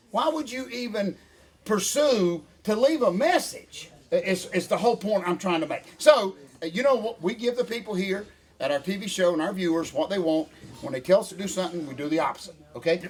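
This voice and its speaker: Give me an older man co-hosting a chat, high-pitched and animated. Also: breathy edge. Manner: folksy, animated rant with Southern phrasing. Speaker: co-host. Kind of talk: casual chat.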